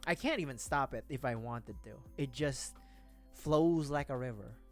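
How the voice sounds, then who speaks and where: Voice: mid-range voice, normal speed, faint music behind. A streamer from the Philippines chatting casually on a livestream, rambling, self-mocking and laughing often.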